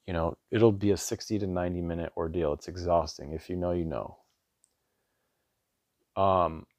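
A man's voice: low-pitched, a little mellow, no room sound. A man in his thirties hosting a podcast, telling a family story in an earnest, rambling way with restarts and lots of "like". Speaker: podcast host, father. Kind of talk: casual storytelling monologue.

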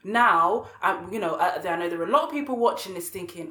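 Guest: woman, passionate, animated delivery, echoey room. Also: fairly low pitch, brisk. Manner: passionate, animated, repeats words when worked up. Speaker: podcast guest, radio show host. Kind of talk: conversational interview. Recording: roomy echo.

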